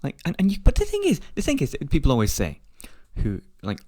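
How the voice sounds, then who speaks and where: Lively man ranting on a podcast. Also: high-pitched, quick pace, no echo, studio quality. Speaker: podcast host. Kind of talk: casual opinionated chat.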